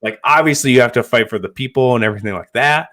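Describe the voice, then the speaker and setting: A man's voice: mid-range voice, quick pace, fairly bright tone. A man co-hosting a podcast, chatting casually with many fillers as he recaps scenes. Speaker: podcast co-host. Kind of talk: casual chat.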